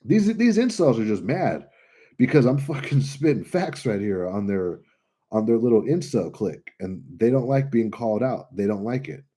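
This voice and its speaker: Profane, animated man with a husky voice. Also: mid-range voice, moderate pace. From California. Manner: blunt, profane, animated storytelling. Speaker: trucker vlogger answering comments. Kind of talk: casual livestream chat.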